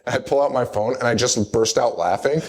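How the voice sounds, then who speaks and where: This young man's medium-pitched voice moves briskly as he hosts a live horror podcast in a bar or venue. He recaps a movie with loose, rambling banter, laughing a lot and acting out quotes.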